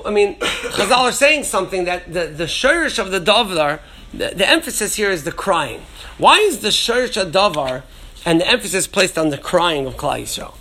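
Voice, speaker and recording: A man lectures through a Torah class in a high, bright voice. He thinks out loud, restarting and repeating words as he goes, and mixes Hebrew and Yiddish terms into his English. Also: very animated, moderate pace, a little hiss or hum. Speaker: Torah teacher.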